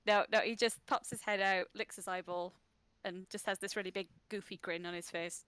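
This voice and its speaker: A woman's voice: mid-range voice, steady tone, a little fast, a bit bright, smooth, no room sound. A woman playing a tabletop game, chatting eagerly in character and out. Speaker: player. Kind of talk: casual tabletop game chat.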